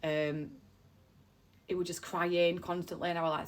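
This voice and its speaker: Low, flat-voiced mum. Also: female voice, moderate pace. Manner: heartfelt, rambling, repeats phrases. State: on the verge of tears. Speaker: mother of three vlogging. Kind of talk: emotional personal storytime.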